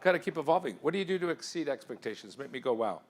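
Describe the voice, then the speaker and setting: A man giving an interactive talk at a conference, firing questions at the audience in an energetic, persuasive way. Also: on the high side, very fast. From England. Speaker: keynote speaker. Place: conference hall.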